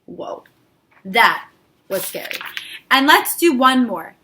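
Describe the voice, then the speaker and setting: A woman's voice: on the high side, takes it slowly, slight background noise. A woman teacher reading a rhyming story aloud to children and leading playful movement and sound games. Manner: animated, playful, sing-song.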